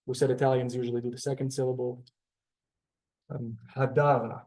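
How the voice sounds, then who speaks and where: A man's voice: mid-range voice, monotone, fairly quick, warm tone. A man teaching a classroom language lesson, explaining step by step with many ums and asides. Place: synagogue classroom.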